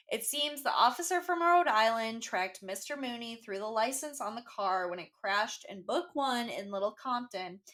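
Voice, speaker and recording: A young woman co-hosts a book podcast with a wry, irreverent humor. Her voice sits fairly high, and she talks in a relaxed, casual way. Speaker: podcast co-host. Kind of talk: casual book-recap chat.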